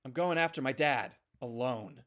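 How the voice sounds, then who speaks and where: A man voicing a determined, stubborn human boy with a curt, flat delivery. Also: mid-range voice, moderate pace, natural voice.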